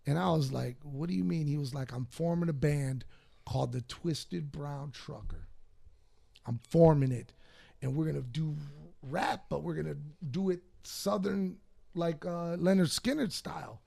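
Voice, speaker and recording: Man, Detroit accent, high gravelly voice, profane storyteller, casual podcast chat. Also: measured pace, warm tone. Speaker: podcast host.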